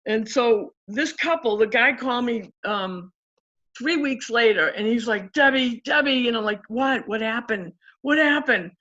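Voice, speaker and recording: Animated woman coach telling a story. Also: fairly high pitch. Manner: animated, acts out quotes in story. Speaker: guest coach. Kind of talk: casual interview storytelling. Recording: dull lo-fi audio.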